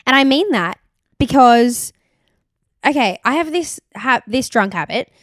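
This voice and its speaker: A young woman with an Australian accent co-hosting a podcast, telling stories in a quick, animated, casual way. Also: a little high, no room sound, studio quality. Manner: animated storytelling, quick, full of "like" and laughs. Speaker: podcast co-host. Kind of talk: casual chat.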